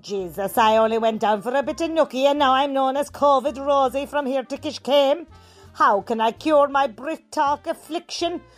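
A woman's voice: sits high, moderate pace, soft background music, lightly acted. A woman playing a brazen country Cork woman. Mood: earthy. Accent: North Cork. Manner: earthy, crude, chatty.

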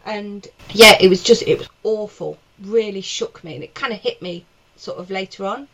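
A woman's voice: mid-range voice, moderate pace, lo-fi sound, crowd noise. A woman, a stand-up comedian, telling a story animatedly on a podcast from her back bedroom, with lots of swearing. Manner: animated, acts out quotes, swears freely. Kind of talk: casual storytelling chat.

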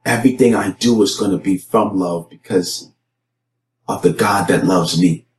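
Earnest man telling his story, echoey room. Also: normal speed. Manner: earnest storytelling, many repeated words and fillers; acts out his own quoted lines with sharp rises in pitch. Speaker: speaker and youth pastor. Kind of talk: personal testimony talk.

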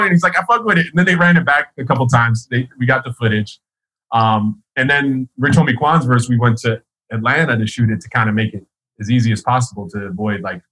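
Husky, forceful-sounding man, rambling and profane, laughs a lot while telling a story. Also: mid-range voice, low-quality recording. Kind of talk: casual storytelling.

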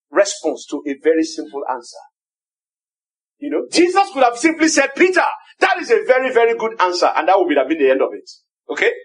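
Emphatic Nigerian preacher, high husky voice. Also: male voice. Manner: rising to emphatic shouts on key phrases; repetitive rhetorical questions. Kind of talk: sermon.

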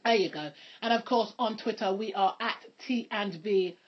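A woman's voice: mid-range voice, normal speed. A woman co-hosting a podcast, chatting casually with slang and laughing often. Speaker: podcast co-host. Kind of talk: casual chat. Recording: dull lo-fi podcast recording.

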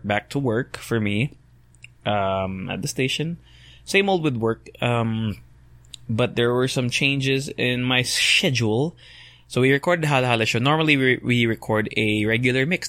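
Guy, hoarse just-woke-up voice, chatty solo podcast, dry close sound. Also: medium pitch, a bit bright, dry recording. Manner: rambling, self-correcting, chatty. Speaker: podcast host. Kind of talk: casual solo podcast talk.

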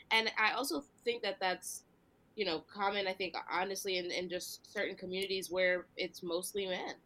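A woman's voice: medium pitch, pushed and bright. A woman from the Philadelphia area hosting a casual podcast chat, earnest and reflective, thinking aloud in long runs. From Delaware County, Philadelphia area. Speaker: podcast host and comedian.

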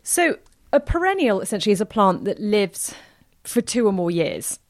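A woman's voice: mid-range voice, very animated, normal speed, no room sound, clean studio sound. A woman in her thirties co-hosting a podcast, chatty and giggly, patiently explaining gardening basics in casual chat. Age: 30s. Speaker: podcast co-host, gardening expert.

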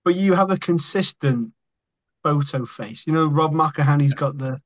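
A man's voice: a little high, moderate pace, lo-fi sound. A man co-hosting a podcast, joking and teasing his guest. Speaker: podcast co-host. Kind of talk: casual podcast chat.

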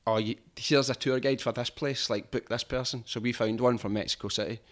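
A man's voice: mid-range voice, steady tone, fairly quick. A man with a strong Glaswegian accent chatting casually on a podcast, swearing freely and rambling through anecdotes. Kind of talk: casual chat.

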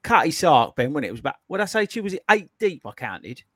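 A man hosting a running podcast, telling stories in an excitable, animated way. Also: on the high side, fast talker, no echo. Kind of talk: casual chat.

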